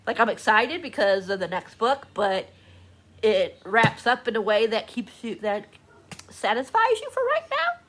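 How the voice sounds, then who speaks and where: A woman chatting casually in a book vlog, gushing and excitable, laughing often, talking from a room at home. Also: fairly high pitch, a little slow. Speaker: book vlogger. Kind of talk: casual reading vlog chat. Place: home room with door open.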